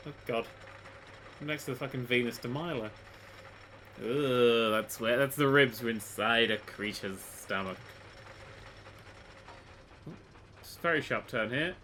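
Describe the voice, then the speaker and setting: A man giving casual let's-play commentary, excitable and sweary, swinging from quiet mutters to loud exclamations. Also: mid-range voice, slight background noise. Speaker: gaming YouTuber.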